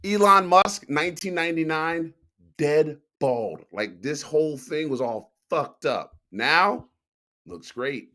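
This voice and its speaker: A man's voice: fairly high pitch, expressive, slow pace, pushed and bright. A man co-hosting a casual talk show, telling stories in a laid-back, profane way. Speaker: podcast co-host. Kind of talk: casual chat.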